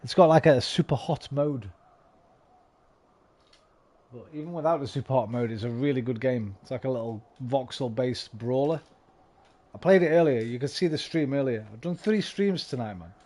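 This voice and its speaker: A man streaming games, tipsy and slightly slurring, rambling and swearing, swinging from loud bursts to low mumbles. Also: moderate pace. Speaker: game streamer. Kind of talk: casual stream chat.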